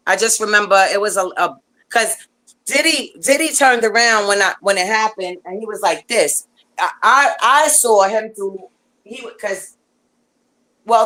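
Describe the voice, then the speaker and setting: A woman guest telling a long story in casual chat, animated and rambling, with lots of fillers and restarts. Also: medium pitch, rough recording.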